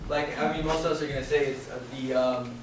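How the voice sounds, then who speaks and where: A man's voice: medium pitch, fast. Young male student presenter, rambling casual delivery, distant mic, very echoey room, faint background hum. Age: young adult. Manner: relaxed, rambling, many fillers and restarts.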